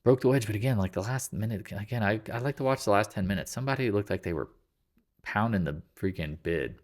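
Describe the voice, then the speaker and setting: Male host, lowish voice, casual market-commentary read with goofy slang asides. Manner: loose, jokey, slangy, tosses in silly voices; talks in quick asides and restarts. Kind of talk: casual market recap over charts.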